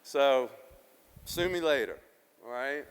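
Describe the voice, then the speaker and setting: A middle-aged man from South Philadelphia giving a live keynote talk, animated and profane, acting out the quotes in his stories. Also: mid-range voice, slow pace, clean tone, in a large hall. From South Philadelphia, USA. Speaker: keynote speaker.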